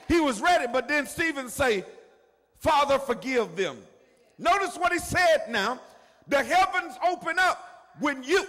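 Older preacher, high voice, shouts and murmurs, long hall reverb. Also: male voice. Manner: preaching, swinging from quiet asides to shouting. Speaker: pastor. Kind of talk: sermon. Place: church sanctuary.

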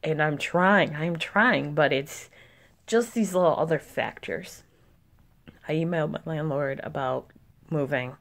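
Young woman ranting on her vlog, pretty low voice, annoyed and cursing a lot. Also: a little slow. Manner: irritated, venting, swears often. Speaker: vlogger. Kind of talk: casual vlog chat.

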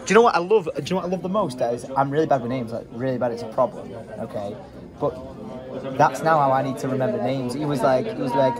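A chatty British man hosting a travel vlog, laughing often and excited as he talks. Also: mid-range voice, quick pace. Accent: British English. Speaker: vlogger host. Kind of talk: casual travel vlog chat. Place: road trip, petrol station. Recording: crowd noise behind.

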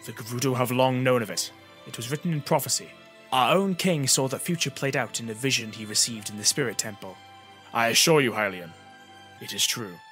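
A man's voice: medium pitch, fairly quick, a bit bright, faint music behind, natural voice. A man voicing a stern desert warrior woman in an audiobook, firm and hard.

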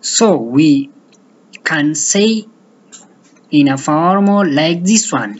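Woman from Ethiopia, native Afaan Oromo speaker, low voice, unhurried patient teacher, dull recording. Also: expressive. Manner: patient, repeats phrases and restarts words. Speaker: language teacher. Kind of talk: slow language lesson.

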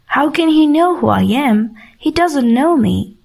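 A woman reading the part of a curious, tired young prince in a storybook, lifting her pitch for his questions. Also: animated, a little slow, creaky, a little mellow, heavily acted. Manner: asks questions, raised pitch.

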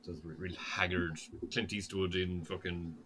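A man's voice: deep voice, little pitch movement, moderate pace, background noise. A man co-hosting a podcast, rambling and loose, swearing freely. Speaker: podcast co-host. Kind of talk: casual chat.

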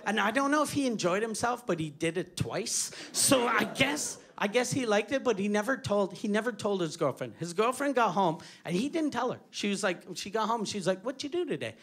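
A man's voice: high-pitched, lively intonation, a little fast, gravelly, few pauses. A man from Quebec doing a crude, self-mocking stand-up comedy set on a club stage, telling a story with lots of profanity. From Quebec, Canada. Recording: live club with loud audience laughter. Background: audience laughing.

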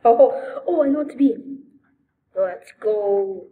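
A young woman giving excitable, giggly commentary while playing a video game. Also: medium pitch, phone-quality sound. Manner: giggly, excitable, quick outbursts. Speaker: gamer. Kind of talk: let's play commentary.

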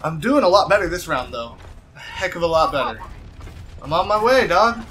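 A man giving casual gameplay commentary, excitable, shouting in frustration and cheering his team on. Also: on the high side, normal speed, slight background noise. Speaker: gaming video host. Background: game music and sound effects.

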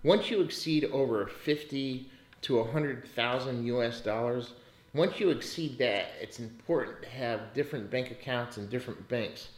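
A man's voice: mid-range voice, moderate pace, roomy sound. A man hosting a casual podcast about money, talking bluntly and ranting with lots of swearing. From United States. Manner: profane and blunt, rants in bursts. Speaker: podcast host.

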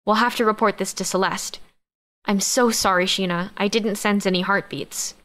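Audiobook: take-charge young woman friend, read by a woman, mid-pitched. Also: fairly even intonation, moderate pace, a bit bright, lightly acted. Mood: gentle. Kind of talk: audiobook character reading.

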